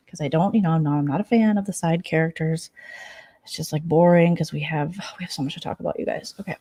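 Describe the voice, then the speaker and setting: A woman's voice: deep voice, moderate pace, gravelly, a little mellow, breathy edge. A woman vlogger in a late-night casual chat, gossiping sarcastically about internet drama and sometimes dropping to a whisper. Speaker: vlogger host. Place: at home at night.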